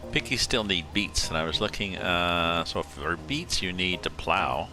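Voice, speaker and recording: A man streaming a farming game live, chatting casually and thinking aloud as he plays, mumbling asides and working out sums slowly. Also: sits low. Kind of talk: casual live-stream commentary while playing. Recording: music playing clearly behind the voice. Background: background music.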